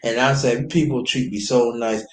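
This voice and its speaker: A man's voice: medium pitch, normal speed, a little hiss or hum. A man from New York telling a loose, profane story in casual chat and slipping into quoted voices. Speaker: host. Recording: roomy echo.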